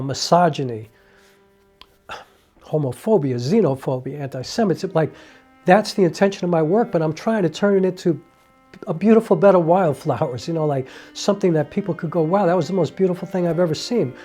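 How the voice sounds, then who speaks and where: A man speaks a heartfelt, reflective monologue to the camera in a fairly high, mellow voice. He talks earnestly, leaning on "you know" as he thinks aloud, while faint violin music plays behind him. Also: slightly rough. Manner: acts out quoted dialogue with raised voice. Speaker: independent filmmaker and playwright.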